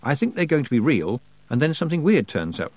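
A man reading an audiobook voices a young girl witch who pleads and shouts urgently. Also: a little high, sing-song, fast, no echo, pitched above the performer's own voice. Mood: puzzled.

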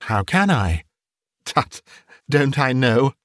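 A man's voice: mid-range voice, big pitch swings, takes it slowly, dry recording, clean studio sound. A man voicing a cheerful young wife and mother who speaks lightly and playfully, in an audiobook reading.

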